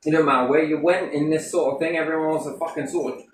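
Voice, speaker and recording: A man's voice: on the high side, steady tone, quick pace. A man telling rambling, profane anecdotes in a casual chat, heavy on swearing. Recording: roomy, distant mic, faint noise.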